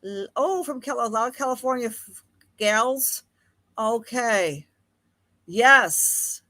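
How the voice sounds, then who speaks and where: A woman's voice: on the high side, animated, slow pace, pushed and bright, no room sound. A woman with a Buffalo accent, hosting a live-streamed astrology talk in a chatty, affectionate way and greeting viewers by name. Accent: Buffalo, Western New York. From Buffalo, New York. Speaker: astrologer host.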